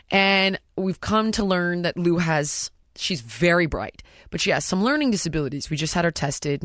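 A woman's voice: fairly low pitch, fairly bright tone, dry recording, studio quality. Blunt, swearing woman podcast host. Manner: candid, blunt, swears freely. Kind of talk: casual chat.

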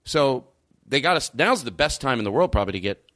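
A man hosting a podcast, ranting, swearing and jumping his pitch for emphasis. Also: big pitch swings, fairly quick, a bit bright. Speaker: podcast host. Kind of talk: heated podcast rant.

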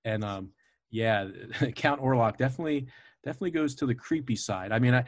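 A man's voice: medium pitch, a little fast, no echo. A man hosting a podcast, chatting casually and eagerly, often digressing and laughing, over a remote call. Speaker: podcast host. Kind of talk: casual chat.

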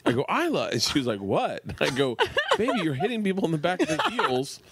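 A man's voice: fairly high pitch, fast talker, very noisy. A middle-aged man, a guest comedian, telling stories in casual chat and acting out the people he quotes. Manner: animated, acts out quotes in shifting voices.

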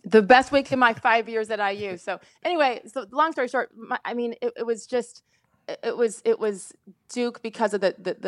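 A woman in her fifties from Indiana, a sportscaster telling a story as a podcast guest, quick and animated, laughing often and restarting her sentences. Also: mid-range voice, no room sound. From Indiana, USA.

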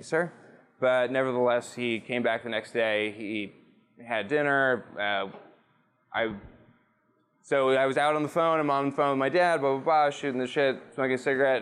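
Smooth-voiced man telling stories casually. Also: mid-range voice. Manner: loose, profane and chatty, with many fillers. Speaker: guest, rum brand representative. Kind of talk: casual storytelling interview. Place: rum bar.

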